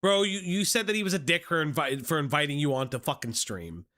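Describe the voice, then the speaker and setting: A man's voice: a little high, a little fast, sharp tone. A man hosting reaction commentary, throwing in profane, sarcastic remarks. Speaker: commentary host.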